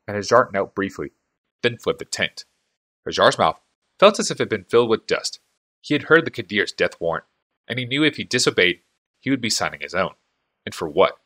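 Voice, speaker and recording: Deep-voiced male audiobook narrator. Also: a bit bright.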